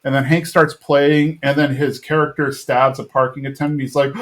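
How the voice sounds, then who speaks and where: A man at an average pitch talks through a cartoon episode he just watched as a podcast host. His retelling is loose and chatty, full of fillers and little restarts. He sounds like he's just hanging out and telling a friend about it. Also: flat delivery, normal speed, hardly any pauses. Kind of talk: casual episode recap.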